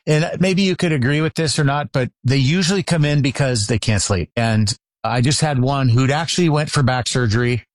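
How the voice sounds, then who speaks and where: A man hosts a casual interview, upbeat, chatty and encouraging toward his guest. His voice is mid-pitched and recorded dry, with no echo. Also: a little fast. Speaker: chiropractor host interviewing a guest.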